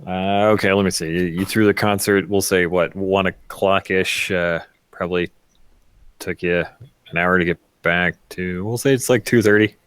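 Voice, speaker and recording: A man narrating as game master, relaxed and full of hesitant fillers. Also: sits low, moderate pace, smooth, dry recording.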